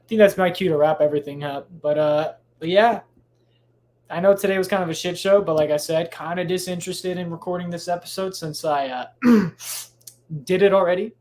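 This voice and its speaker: A man's voice: high-pitched, fairly quick, darkish tone. A man hosting a solo podcast, rambling casually with lots of swearing, restarts and tangents, recording at home late at night. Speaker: podcast host.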